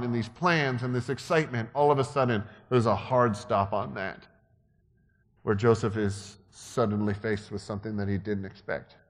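A man preaching a sermon in a conversational, joking way that builds to emphatic peaks. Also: mid-range voice. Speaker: pastor. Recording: long hall reverb.

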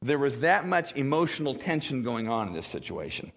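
A pastor preaching a sermon, acting out quoted voices in a high wail and a grave low tone. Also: male voice, sing-song, a little fast, vocal fry, a bit bright. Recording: long reverb of a church hall.

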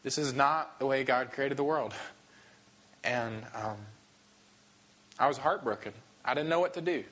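Male pastor, bright-toned, emotional, halting delivery with restarts. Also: mid-range voice. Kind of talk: sermon.

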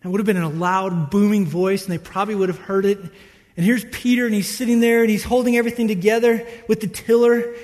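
A pastor with a notably high voice preaches in a large hall whose long reverb trails after each phrase. He tells the story with lively, playful energy. He slips into the voices of the people in it. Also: brisk. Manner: animated storytelling, acts out disciples' voices. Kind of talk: sermon.

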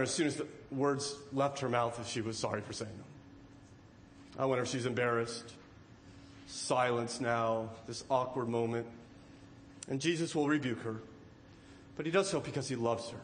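A man preaching a sermon, animated, acting out the lines of the people in the story and asking rhetorical questions. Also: mid-range voice, echoey room, a little hiss or hum. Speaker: pastor.

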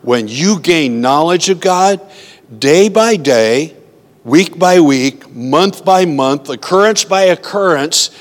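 A man's voice: fairly high pitch, a bit bright. A man preaching in a conversational way, telling personal stories and acting out his own worried thoughts in quotes. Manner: earnest, acts out his own inner voice in quotes. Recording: long reverb of a hall.

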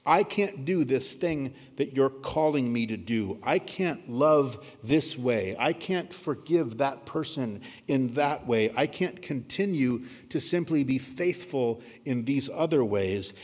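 A man preaching a sermon, earnest, dropping to a hushed voice when he quotes scripture. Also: medium pitch, lively intonation, slow pace, hardly any pauses. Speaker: pastor. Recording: reverberant hall.

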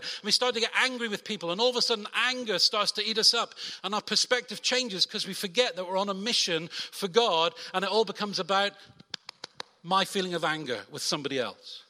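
Animated preacher guy, bright sharp tone, reverby church hall sound. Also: high-pitched, fairly quick. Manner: animated, acts out quoted voices. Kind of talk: sermon.

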